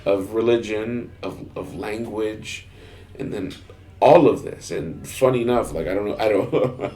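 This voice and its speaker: A man from Texas co-hosting a podcast, talking casually and haltingly, with frequent restarts and laughs as he tells stories. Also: lowish voice, dark tone. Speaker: podcast co-host. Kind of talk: casual chat.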